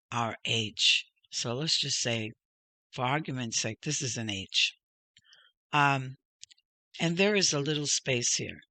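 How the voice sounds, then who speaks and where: A man's voice: mid-range voice, bright, forceful tone, dry recording. A man teaching a reading lesson, patiently sounding out each syllable and pointing things out step by step. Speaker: Hebrew teacher. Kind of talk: slow spoken lesson.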